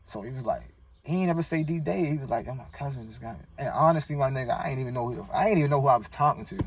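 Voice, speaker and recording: Racing through a personal story, a Baltimore guest with the city's accent sounds fairly high-pitched, slightly rough, and lively in his intonation. He rambles emotionally and slangily in a casual chat, captured by a distant mic with faint noise.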